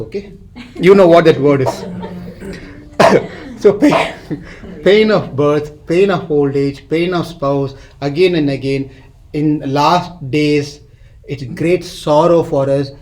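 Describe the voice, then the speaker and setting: A man teaching a scripture class, chanting verses slowly and then explaining them as a story. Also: a little high, darkish tone.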